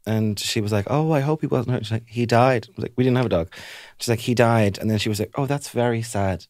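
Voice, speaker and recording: A man's voice: medium pitch, fast, dry recording. A young Irish man co-hosting a comedy podcast, telling childhood anecdotes in casual chat and acting out the voices of people in them. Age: young adult. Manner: animated anecdotes, acts out other voices.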